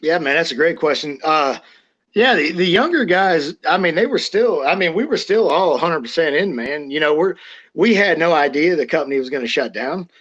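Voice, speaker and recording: Male guest, high voice, brash and profane storyteller, dull lo-fi sound. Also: lively intonation, normal speed. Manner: blunt, swears constantly, acts out quotes loudly. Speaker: interview guest, former wrestler.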